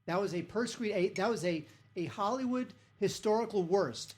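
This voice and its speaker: A man hosting a podcast, reviewing movies in casual chat in a sardonic, halting way with lots of fillers. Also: sits high, animated, darkish tone. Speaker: podcast host, film reviewer.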